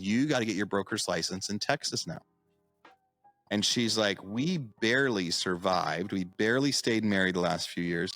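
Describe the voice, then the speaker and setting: Podcast co-host, man in middle age, deep, casual storyteller, light music underneath. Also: fairly bright tone, no room sound. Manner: storytelling, acts out quoted voices. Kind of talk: casual chat.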